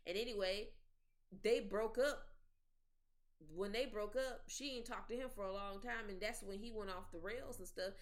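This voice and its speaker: Female podcast host, mid-range voice, chatty and animated storyteller. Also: mid-range voice, moderate pace. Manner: animated storytelling, mimics the people she talks about. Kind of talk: casual gossip chat.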